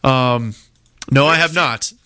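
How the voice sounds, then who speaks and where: A man's voice: mid-range voice, slow pace, noisy background. A young man hosting a casual online comedy show, rambling and stammering, laughing often. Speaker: host.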